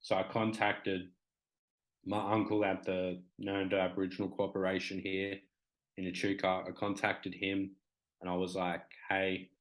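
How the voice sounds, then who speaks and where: The speaker is a talk show guest, a man in his twenties with an Australian accent and a low-pitched voice. He rambles candidly with plenty of fillers, captured on a low-quality recording.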